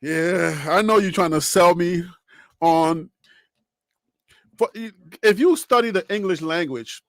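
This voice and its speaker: A man hosting a live sports reaction stream, talking straight to his chat in a rambling, animated way. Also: high-pitched, takes it slowly, long pauses, no echo, studio quality. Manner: shouting and cheering with joy; emotional, near tears, thanking God.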